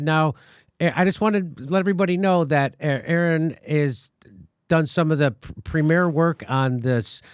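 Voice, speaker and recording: Man, show host, political commentary, mocking and profane, slightly high voice, dry close sound. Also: no echo.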